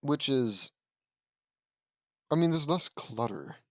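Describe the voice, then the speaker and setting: Guy reading fanfic out loud and rambling, correcting himself a lot, very dry sound. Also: medium pitch, expressive, slow, dry recording. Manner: rambling, self-correcting, offhand asides. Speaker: audiobook reader and commentator. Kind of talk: casual read-aloud with commentary.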